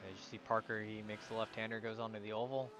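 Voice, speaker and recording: A man's voice: on the low side, little pitch movement, fast, background noise. A man giving live commentary on an online sim race, calling out positions and sometimes stumbling over drivers' names.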